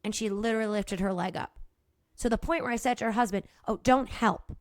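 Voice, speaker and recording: A middle-aged woman hosting her own podcast as a movement therapist, explaining in a casual, energetic way, swearing freely and laughing at herself. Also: mid-range voice, quick pace, no echo, clean studio sound.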